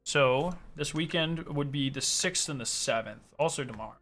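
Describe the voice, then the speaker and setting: Profane, excitable male gaming streamer. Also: fairly high pitch, normal speed, soft background music. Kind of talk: casual gaming stream chat.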